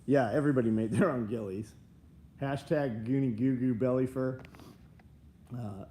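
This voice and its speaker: A man's voice: medium pitch, very animated, moderate pace, dark tone, a little hiss or hum. A middle-aged man, hosting a livestream and chatting casually through viewer comments in a blunt, profane, rambling way. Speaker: livestream host.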